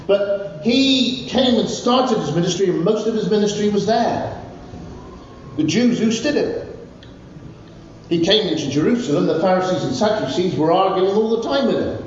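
A man preaches a fervent sermon, stacking phrases and driving each point home. His voice sits high for a man. He is recorded from a distance in a reverberant church with a dull, muffled tone and faint noise. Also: animated, moderate pace. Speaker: pastor. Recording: echoey church hall from far off, dull.

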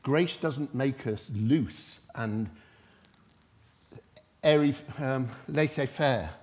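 A man's voice: medium pitch, extremely slow. Impassioned preacher man without notes. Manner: impassioned, rising to loud emphatic bursts then dropping soft; speaks without notes, retelling scripture with voiced quotes. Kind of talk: sermon.

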